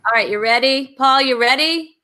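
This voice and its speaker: A woman's voice: high voice, moderate pace, bright, forceful tone. A woman hosting a casual comedy game show, chatty and laughing often.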